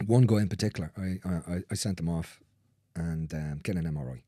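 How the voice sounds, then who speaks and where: A male manual therapist talks in a lowish voice, chatting casually and bluntly about his clients. He swears freely and slips into the voices of the people in his stories. The sound is dry and close, with no room echo. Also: fairly quick, dark tone. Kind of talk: casual storytelling in conversation.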